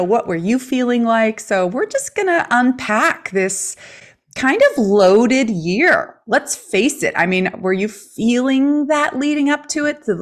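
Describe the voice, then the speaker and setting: A woman in her late forties co-hosting a podcast, asking questions in an enthusiastic, animated way. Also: a little high. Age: 40s. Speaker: podcast co-host. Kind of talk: casual chat.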